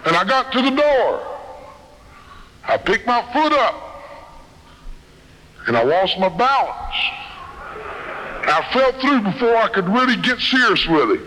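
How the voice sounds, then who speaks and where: A man's voice: extremely high pitch, very animated, a little slow, long pauses, sharp tone, a little hiss or hum, low-quality recording. A man sharing a personal testimony with a live audience in a folksy, earnest storytelling way. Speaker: speaker sharing his testimony.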